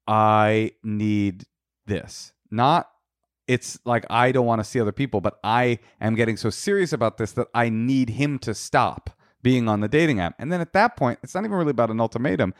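A man's voice: lowish voice, expressive, unhurried, no echo, studio quality. Joking male advice podcast co-host. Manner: playful, joking, restarts often. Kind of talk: casual advice chat.

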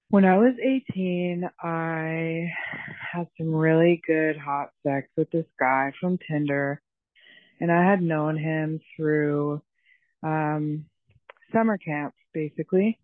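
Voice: medium pitch, no echo. A young adult listener leaving a rambling, hesitant voicemail full of ums. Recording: tinny phone line, dry.

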